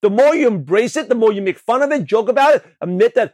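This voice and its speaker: A man from Brooklyn, New York, hosting a show and giving an energetic motivational talk on network marketing, with a slight lisp, often checking in with the listener. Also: sits high, quick pace, no echo. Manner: energetic, repetitive, asks the listener questions. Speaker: podcast host, network marketing coach.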